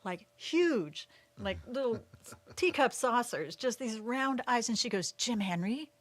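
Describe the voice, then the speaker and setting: A woman's voice: fairly high pitch, slow pace, no echo. A woman co-hosting a livestream, telling a personal story in casual chat and laughing often as she talks. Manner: animated, laughs through the story. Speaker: livestream co-host.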